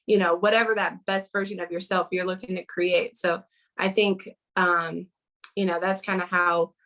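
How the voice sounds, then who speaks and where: A woman's voice: on the low side, flat delivery, moderate pace, fairly bright tone, low-quality recording. A woman speaking as a guest in a casual interview over a video call, earnest and chatty with lots of fillers.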